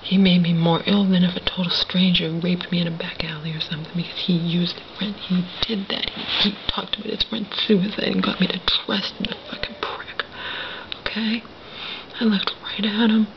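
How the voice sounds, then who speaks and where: A woman vlogger talking in a hushed whisper, bitter and full of profanity, in a personal monologue. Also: lowish voice, level tone, moderate pace, creaky, lo-fi sound, slight background noise.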